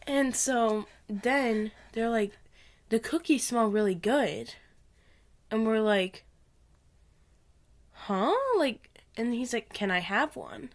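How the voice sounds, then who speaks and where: A young woman co-hosting a podcast, retelling a strange phone call in a giggly, casual way and acting out the quotes. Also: fairly high pitch. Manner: giggly, quick, acts out quoted lines. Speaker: podcast co-host. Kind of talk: casual storytelling chat.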